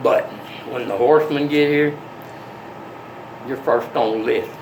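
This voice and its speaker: Gravelly older man, volatile ramble. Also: mid-range voice, fairly even intonation, a little slow, noisy background. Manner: volatile, swinging from soft to menacing. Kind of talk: rambling monologue to camera.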